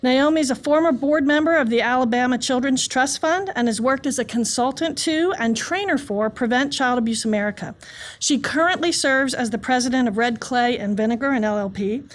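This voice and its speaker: A woman's voice: sits high, brisk. A woman in her fifties with a Southern US accent, earnestly reading a formal introduction as session host. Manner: earnest, reads a prepared introduction. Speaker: session host, deputy director.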